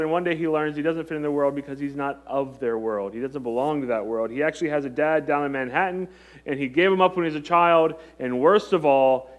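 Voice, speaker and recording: A man in his thirties gives a relaxed, talkative sermon. He jokes with the congregation and often breaks off mid-sentence to restart. His voice sits a little higher than most men's. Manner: chatty, joking, self-interrupting. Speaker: pastor. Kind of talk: conversational sermon.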